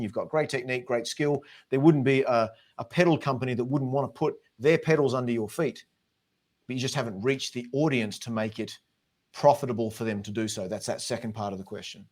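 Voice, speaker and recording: A man with an Australian accent, a guest drummer giving earnest, encouraging advice in a casual chat. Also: medium pitch. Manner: earnest, talks in long encouraging runs.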